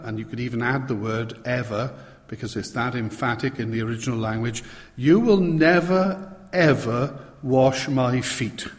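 A man delivers a sermon at an unhurried pace, leaning on rhetorical questions to draw the listeners in. His voice sits in a medium register. The sound rings with a long reverb, as in a church hall. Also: mid-range voice. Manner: slow, deliberate preaching with rhetorical questions. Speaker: preacher.

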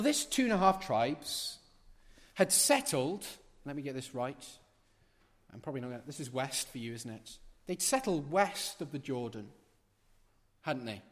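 A man preaching a sermon in a large church, building to loud emphatic peaks with rhetorical questions and repetition, then dropping to quiet asides. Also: fairly high pitch, long reverb tail.

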